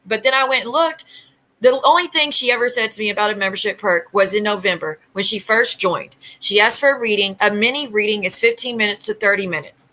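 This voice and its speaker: Bright-voiced woman ranting on stream. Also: medium pitch, brisk, poor audio. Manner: aggrieved, rambling storytelling with quoted exchanges. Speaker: YouTube livestream host. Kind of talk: casual ranting livestream talk.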